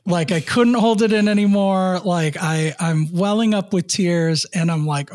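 A man in his thirties, co-hosting a podcast, telling a personal work story in an earnest way, with many fillers and soft laughs. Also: high voice, measured pace, no echo, studio quality. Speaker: podcast co-host.

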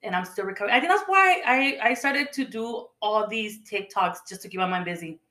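Chatty woman, bright voice, echoey room. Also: medium pitch, lively intonation, brisk. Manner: chatty storytelling, acting out quoted voices. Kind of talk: casual chat.

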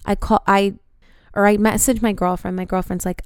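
Smooth-voiced woman telling a story. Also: medium pitch, moderate pace, no echo, studio quality. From United States. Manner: animated, frequent swearing. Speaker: podcast host. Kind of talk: casual storytelling.

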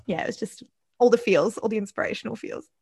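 A young woman co-hosting a podcast, rambling through casual stories in a chatty, animated way. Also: mid-range voice, quick pace, vocal fry, slightly rough. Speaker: podcast co-host. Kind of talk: casual chat.

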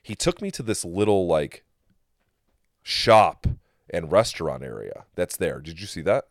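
A podcast host with a deep voice tells a travel story at a measured pace, in clean studio sound with no room noise. Chatting casually, he swears and animatedly acts out the people he met.

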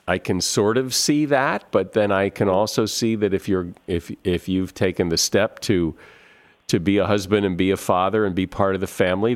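A male host asking thoughtful, slightly hesitant questions in a conversational interview. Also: deep voice.

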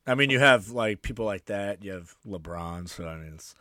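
Man, podcast co-host, casual chat, laughs a lot, swears, pitch jumps around. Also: lively intonation, normal speed, crowd noise. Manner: laughs often, swears, reacts briefly.

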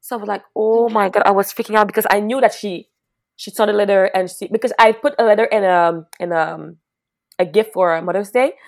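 A woman's voice: mid-range voice, a little fast. Young woman telling a story, salty and rambling. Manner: loose, profane, rambling with many restarts; swings between hushed and loud laughing. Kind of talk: casual storytelling chat.

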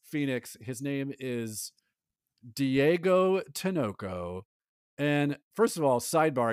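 A man co-hosting a podcast in casual chat, animated and rambling, acting out lines from a movie. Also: mid-range voice, smooth, no room sound, studio quality. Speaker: podcast co-host.

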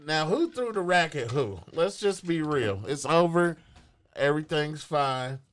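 Animated, profane male talk-show co-host. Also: a little high, unhurried. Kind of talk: casual storytelling chat. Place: radio studio.

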